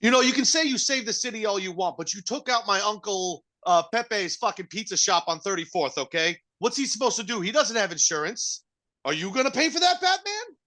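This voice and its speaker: A man's voice: high-pitched, animated, a little fast, sharp tone, pitched above the performer's own voice. A man voicing a brash mobster, taunting and crude. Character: brash loudmouth Italian-American mobster man.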